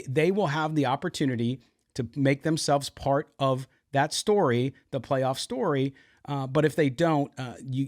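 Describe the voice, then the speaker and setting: A man's voice: medium pitch, darkish tone, no room sound, studio quality. Chatty man hosting a sports show. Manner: conversational, full of asides. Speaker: sports podcast host. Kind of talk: casual sports talk.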